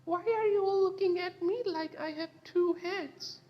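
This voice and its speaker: A woman's voice: very high-pitched, a little slow, lo-fi sound, voice pushed up. A woman reading a story game aloud, voicing a flippant, exasperated young woman who has just woken up confused. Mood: bewildered. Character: young adult woman waking confused and sarcastic.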